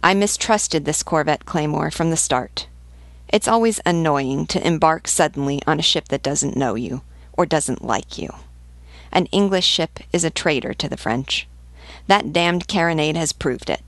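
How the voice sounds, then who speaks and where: A woman voicing a brisk, loyal male naval officer giving a report. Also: low-pitched, no room sound.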